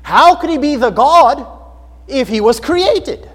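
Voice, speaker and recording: A man's voice: very high voice, animated, takes it slowly, fairly bright tone, big-room sound, pitched above the performer's own voice, exaggerated voice. A preacher putting on an Indian English accent to voice his male translator from India, who asks pointed questions in emphatic, broken English. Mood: earnest questioning. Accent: Indian English, as imitated.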